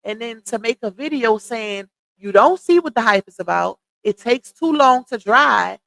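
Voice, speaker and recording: A woman with a slightly high voice and runs a casual livestream, talking bluntly and with exasperated, gossipy commentary. She is recorded close up on a dry mic. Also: expressive, moderate pace, vocal fry, fairly bright tone, no echo, low-quality recording. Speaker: livestream host.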